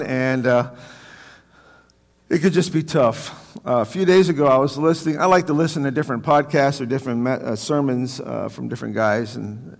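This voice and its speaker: Male pastor, conversational sermon, slightly high voice, echoing church hall. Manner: conversational, chatty with asides and restarts.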